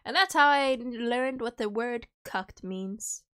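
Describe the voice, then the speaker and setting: A woman's voice: on the high side, slow, a bit bright, clear, resonant tone. Rambling young woman streamer, chewing candy. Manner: rambling, joking, chewing candy while talking. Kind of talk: casual livestream chat.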